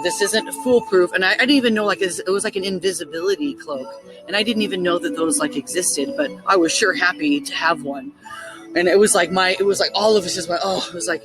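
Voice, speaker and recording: A woman casually telling a story, excitable and full of "like" fillers, acting out her own thoughts in quotes. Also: lowish voice, quick pace, over music, low-quality recording. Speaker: spiritual storyteller.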